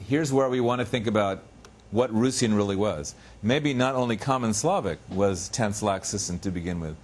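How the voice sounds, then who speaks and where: A man giving an academic lecture in a university seminar room, explaining step by step with pauses and small restarts, slowing down to spell out example words. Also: on the low side, a little mellow. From United States. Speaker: guest lecturer.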